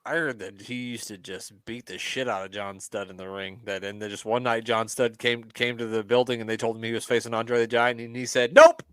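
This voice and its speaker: A man's voice: mid-range voice, level tone, brisk, few pauses, a bit bright, smooth, no echo. A man co-hosting a casual podcast, joking and swearing often and laughing as he comments on a wrestling match. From US Midwest. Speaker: podcast co-host.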